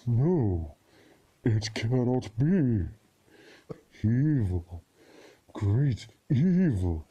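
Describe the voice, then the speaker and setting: A man's voice: mid-range voice, very animated, warm tone, breathy edge, highs cut off, pitched below the performer's own voice, heavily acted. A man voicing an ominous figure who warns of a great evil, dragging out each word. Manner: slow, dragged-out doom-laden delivery. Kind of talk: mock-dramatic aside while streaming.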